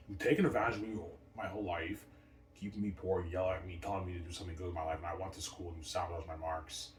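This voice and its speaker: Deep-voiced man rambling fast. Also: fairly even intonation. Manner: rambling, repetitive, boastful. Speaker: vlogger. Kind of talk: rambling monologue. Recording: roomy, distant from mic, faint noise.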